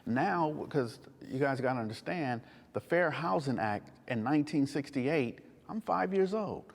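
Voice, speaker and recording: A man's voice: medium pitch, expressive, unhurried, creaky, long reverb tail. A man in his sixties explaining his views through a personal story in a podcast-style conversation. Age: 60s. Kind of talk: reflective conversation.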